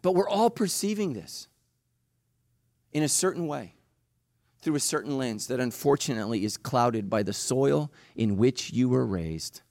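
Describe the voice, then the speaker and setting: A middle-aged man preaching a sermon as pastor. He talks passionately, jumping from loud bursts to hushed, slow emphasis. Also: medium pitch, animated, vocal fry, no room sound, studio quality.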